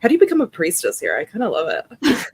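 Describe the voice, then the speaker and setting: Husky lively player talking about her character. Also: medium pitch, quick pace, no echo, poor audio. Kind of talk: casual chat.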